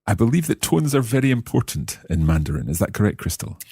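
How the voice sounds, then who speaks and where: A man's voice: lowish voice, big pitch swings, quick pace, vocal fry, dark tone, breathy edge, no room sound, studio quality. A Scottish man co-hosting a beginner language lesson podcast as the learner, curious and repeating phrases after the teacher. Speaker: learner co-host.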